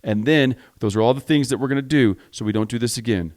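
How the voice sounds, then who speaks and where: A man's voice: mid-range voice, quick pace, darkish tone. A man hosting a podcast for contractors, giving a blunt, emphatic motivational talk, stacking repeated phrases and swearing freely. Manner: drives points home with repeated parallel phrases. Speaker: podcast host and contractor coach. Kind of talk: motivational monologue.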